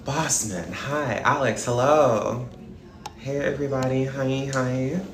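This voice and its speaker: A live streamer greets viewers one after another in an easy, upbeat way. The talk is slow and unhurried. The voice rings in an echoey room with faint music playing underneath, caught on a phone. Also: medium pitch, fairly even intonation. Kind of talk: casual live stream chat.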